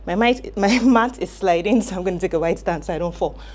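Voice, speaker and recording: With a lowish, slightly mellow voice and a fairly quick pace, a woman coaches home workouts, with a little hiss or hum in the audio. She is friendly and instructive, explaining form as she demonstrates exercises and gets out of breath.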